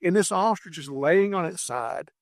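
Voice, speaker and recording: A man telling a rambling animal story in a casual, animated way, stumbling and restarting as he goes. His voice sits a little high. The recording is dry and close, with no room sound. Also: normal speed, vocal fry, no echo. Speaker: podcast host, wildlife catcher.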